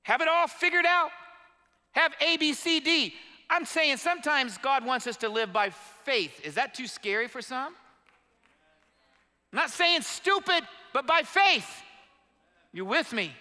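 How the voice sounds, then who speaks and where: Fervent high-voiced male preacher. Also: animated, measured pace, long pauses, pushed and bright. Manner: fervent call-and-response preaching. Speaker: pastor. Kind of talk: sermon. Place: church sanctuary. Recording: long hall reverb.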